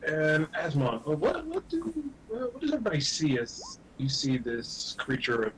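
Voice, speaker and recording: A man's voice: on the high side, huge pitch swings, moderate pace, fairly bright tone, slight background noise, poor audio. A man acting as game master, describing monsters in a loose, filler-heavy way on a livestream. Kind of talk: narrating a tabletop game on a livestream.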